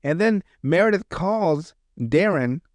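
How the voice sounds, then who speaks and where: Recorded in studio quality with no room sound, this podcast host has an expressive voice on the high side and speaks slowly. He recaps comedy sketches in casual chat, telling them in a rambling, profane, laughing way.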